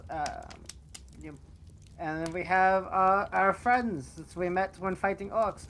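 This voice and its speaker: A woman's voice: mid-range voice, slow, a bit bright, slight background noise. A woman playing a tabletop game, casual and a bit hesitant, with many fillers. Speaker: player. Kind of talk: tabletop role-play.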